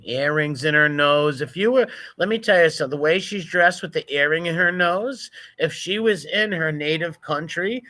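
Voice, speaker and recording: Sharp-voiced mocking male commentator. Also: a little high, no room sound. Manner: mocking, profane, running insults. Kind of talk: reaction commentary over video.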